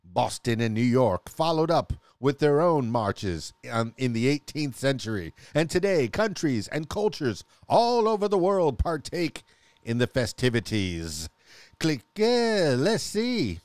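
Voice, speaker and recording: A man's voice: medium pitch, sing-song, a little slow, a little mellow, dry recording. Chatty man hosting a solo podcast. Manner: chatty and playful, laughs often, restarts words. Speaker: podcast host. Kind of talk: casual solo podcast chat. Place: home studio.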